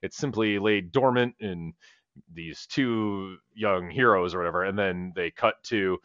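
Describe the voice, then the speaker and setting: A man's voice: low voice, measured pace, fairly bright tone, no echo, dull audio. A man co-hosting a podcast, recapping a comedy film in a rambling, profane, casual way and laughing as he goes. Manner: rambling, profane, laughs while retelling scenes. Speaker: podcast co-host. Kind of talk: casual movie-review chat.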